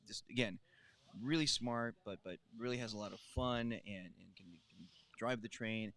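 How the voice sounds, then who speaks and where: A man's voice: on the low side, normal speed, vocal fry, fairly bright tone. A man, a grappling commentator, explaining earnestly in casual post-show chat.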